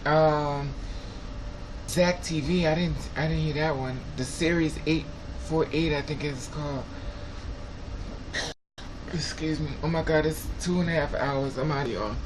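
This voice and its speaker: A man's voice: fairly high pitch, fairly even intonation, measured pace. A man hosting a live stream in casual, blunt and profane chat, laughing often. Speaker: livestream host. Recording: clear background noise with passing traffic.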